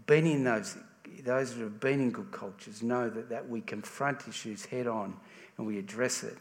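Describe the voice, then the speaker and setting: A man's voice: medium pitch, moderate pace. Australian man preaching in a reverberant hall. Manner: conversational, with frequent restarts. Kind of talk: sermon.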